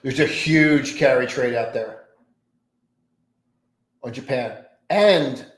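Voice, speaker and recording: A man's voice: medium pitch, slow. Rambling man thinking aloud, roomy sound. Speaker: trading livestream host. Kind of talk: live pre-market commentary. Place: home trading desk with many monitors. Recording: roomy echo.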